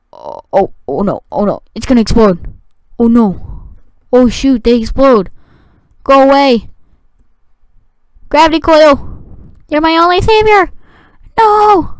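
A woman giving excitable gameplay commentary, talking to the game and shouting at it. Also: sits high, dry recording. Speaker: gaming video creator.

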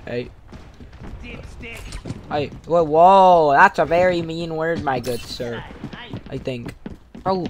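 Excitable young gamer, slow-talking. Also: mid-range voice, background noise. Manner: excitable, yelps and self-mocking banter. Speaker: gaming channel host. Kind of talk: casual gameplay commentary. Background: game music and gunfire.

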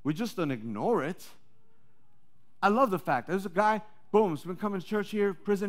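A male pastor preaching a sermon, swinging between loud rallying calls and low, confiding asides. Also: brisk.

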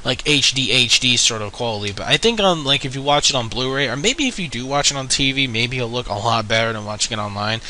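A man's voice: mid-range voice, expressive, fast, hardly any pauses, pushed and bright, slight background noise, rough recording. A young man casually reviewing an anime episode, rambling with many fillers and frequent swearing.

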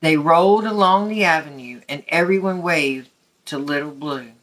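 A woman reading a picture book aloud at story time, gently and expressively for young children. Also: deep voice, moderate pace.

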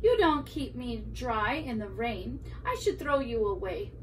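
A woman's voice: fairly high pitch, expressive, a little slow. A woman voicing an elderly man who scolds his old hat and fusses to himself, recorded from a distance with faint room noise. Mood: fussing.

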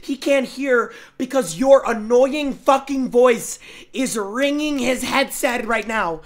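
A young man streaming and reacting to game clips, brash and profane, often breaking into shouting. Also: very high voice, slow pace. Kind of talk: loud casual stream commentary.

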